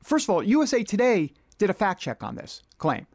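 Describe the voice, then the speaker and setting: A man's voice: high-pitched, huge pitch swings, brisk, vocal fry, no room sound, studio quality. A man hosting a political commentary monologue, reading out quotes in an indignant, rhetorical manner.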